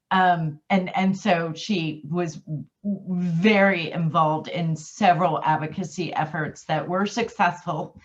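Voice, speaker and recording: A woman's voice: on the low side, dull audio. A woman on a webinar, amused as she explains, talking through laughter. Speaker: webinar participant. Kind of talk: casual chat on a video call.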